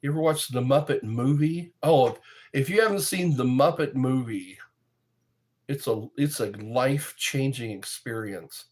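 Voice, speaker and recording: A man's voice: mid-range voice, a little slow. A man casually chatting with viewers on his livestream, rambling and joking, reading comments aloud and often laughing at his own jokes. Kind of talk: casual chat with live viewers.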